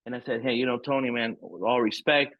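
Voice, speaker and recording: A man's voice: mid-range voice, a little fast, no echo. A middle-aged man telling a candid, rambling story as a podcast guest, swearing freely and stacking fillers. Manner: frank, profane, rambling with many fillers. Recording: tinny phone-like line, dry.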